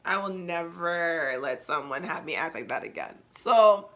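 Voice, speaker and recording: A young adult woman hosting a podcast, telling a personal story in a candid, slangy, animated way. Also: lowish voice, measured pace, creaky. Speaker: podcast host.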